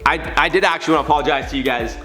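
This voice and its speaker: Fast-talking chatty man hosting commentary. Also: a little high, sharp tone, faint music behind. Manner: chatty and opinionated. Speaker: YouTube news commentary host. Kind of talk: casual news commentary vlog.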